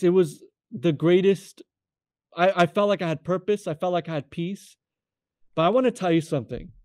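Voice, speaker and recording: A young man from California telling his faith testimony as an interview guest, animated and acting out the voices of the people in his story. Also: sits high, no echo, studio quality. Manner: animated, acts out quoted voices, addresses the host by name often.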